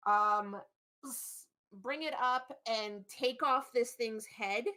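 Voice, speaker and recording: A woman's voice: a little high, sharp tone. A woman playing a tabletop game, casual, crude and swearing. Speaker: player.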